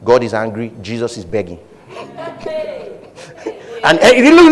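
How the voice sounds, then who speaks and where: A man preaching a sermon with animated delivery, acting out voices and laughing often. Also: medium pitch, normal speed, pauses often, big-room sound, a crowd in the background. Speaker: pastor.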